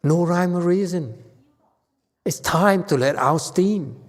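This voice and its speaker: Slow, deliberate male Buddhist teacher. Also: high-pitched. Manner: slow, emphatic, with playful teasing. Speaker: Buddhist master giving a Dharma talk. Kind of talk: sermon. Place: temple hall. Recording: long hall reverb.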